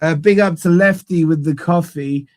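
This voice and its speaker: A man's voice: on the high side, normal speed, no echo. A man hosting a fan channel, giving live watch-along commentary on a match from a studio, ranting in exasperation and tagging "man" onto nearly every line.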